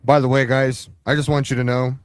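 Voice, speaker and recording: A man hosting a livestream reaction, talking sarcastically and taunting, sometimes jumping up into high-pitched mockery. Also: little pitch movement, fairly quick, clean tone, no room sound, studio quality. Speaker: livestream commentary host. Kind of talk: mocking reaction commentary.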